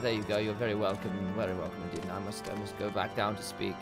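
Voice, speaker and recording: A man's voice: fairly low pitch, little pitch movement, quick pace, music in the background. Man muttering game commentary. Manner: muttering to himself while playing. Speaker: streamer. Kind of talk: gameplay commentary.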